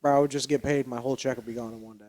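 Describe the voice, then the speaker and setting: A man's voice: medium pitch, steady tone, very fast, a little mellow. A young man co-hosting a podcast, telling blunt, profane stories in casual chat. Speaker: podcast co-host.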